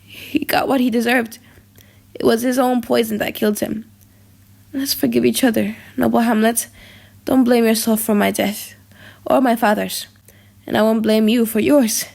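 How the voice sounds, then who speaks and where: A woman's voice: on the high side, fairly even intonation, normal speed, creaky, pauses often, a little mellow. A woman reading the lines of a vengeful young nobleman in an audiobook drama, urgent and confessing. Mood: grim.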